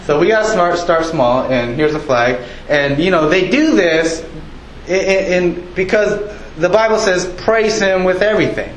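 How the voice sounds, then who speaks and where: A man's voice: sits high, unhurried, slight background noise. A pastor giving a casual, conversational sermon, joking with his congregation in a church. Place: church sanctuary. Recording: echoey church room, faint ambience.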